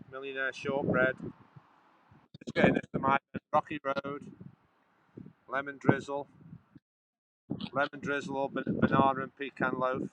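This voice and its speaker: A male vlogger chats casually while walking, rambling and restarting sentences in a medium-pitched voice. He films on a handheld phone outdoors and then inside a coffee shop, with heavy background noise throughout.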